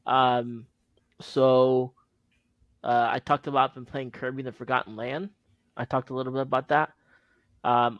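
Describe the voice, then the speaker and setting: A man hosting a podcast, chatting casually and recounting a story in a halting, rambling way. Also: mid-range voice, gravelly, no echo, dull audio. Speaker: podcast host. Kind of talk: casual chat.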